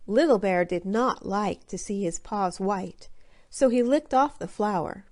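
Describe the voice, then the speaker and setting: Slow, clear woman narrating a storybook. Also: mid-range voice. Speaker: audiobook narrator.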